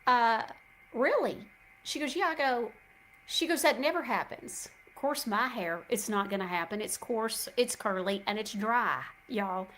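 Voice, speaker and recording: A woman's voice: on the high side, fairly bright tone, a little hiss or hum, rough recording. Chatty middle-aged woman host. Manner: chatty storyteller, addresses listeners as y'all. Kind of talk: casual chat.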